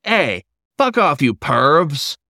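A man's voice: fairly low pitch, expressive, normal speed, fairly bright tone, no echo, studio quality. A man voicing an anxious, bratty male wolf with a snappy, barking way of talking. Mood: angry.

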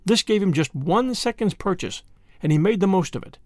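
A man reads a classic tale aloud with dramatic, expressive energy. His voice sits high and swoops a lot, with a gravelly edge. The recording is close and dry, with no room sound. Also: brisk, no room sound. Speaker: narrator. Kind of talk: storybook narration.

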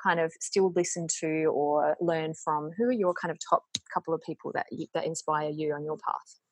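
A woman's voice: deep voice, fairly even intonation, moderate pace, slightly rough, no echo, low-quality recording. A woman hosting a podcast, asking long, encouraging, rambling questions. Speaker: podcast host. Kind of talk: interview questions.

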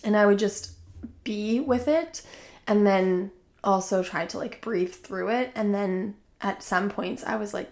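A woman's voice: mid-range voice, unhurried, darkish tone. A woman hosting a podcast, telling a personal story in a chatty, casual way with many fillers. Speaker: podcast host.

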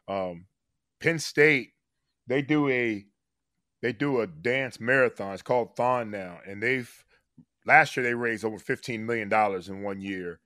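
A man giving a casual radio interview as a guest, earnest and heartfelt, his voice dropping softer on serious points. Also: medium pitch, measured pace, no echo, clean studio sound. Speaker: guest, former player.

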